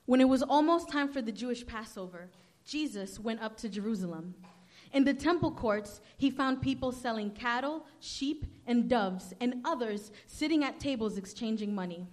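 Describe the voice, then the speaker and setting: A woman reads scripture aloud at a service. Her voice is a little higher than most, and her reading is steady and measured. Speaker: scripture reader.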